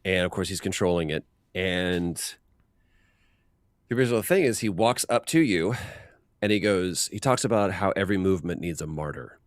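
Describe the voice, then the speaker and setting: A man as an interview guest, telling animated behind-the-scenes stories and acting out quotes with frequent restarts. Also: sits low, moderate pace, dry recording. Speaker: voice actor guest. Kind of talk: casual interview storytelling.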